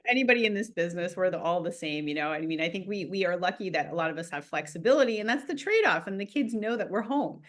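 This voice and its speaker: Fast-talking low-voiced woman host. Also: animated. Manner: asks rambling questions with many fillers. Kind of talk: casual interview chat.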